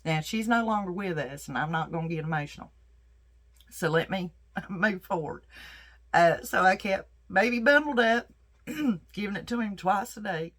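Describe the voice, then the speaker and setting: A woman's voice: medium pitch, lively intonation, moderate pace, pauses often, a bit bright. A middle-aged woman herbalist telling a personal story in a folksy, earnest, faith-filled way.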